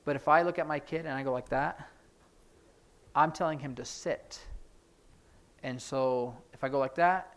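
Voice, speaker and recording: A man teaching a sign language class in a church classroom, explaining each sign as he demonstrates it, with hurried asides about the time. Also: mid-range voice, a bit bright. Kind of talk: classroom instruction.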